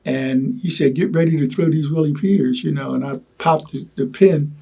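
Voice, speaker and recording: Gravelly older man, dark worn voice. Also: a little high. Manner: halting, repeats words, many "you know" asides. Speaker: Vietnam veteran interviewee. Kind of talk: oral history recollection.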